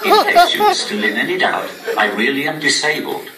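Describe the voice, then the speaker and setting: A man doing stand-up comedy through a text-to-speech device, with a posh synthetic voice and deadpan delivery. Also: on the high side, brisk, a loud crowd. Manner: deadpan, evenly paced machine delivery. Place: cinema venue on stage before a laughing audience. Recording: echoey room, distant mic, loud noise.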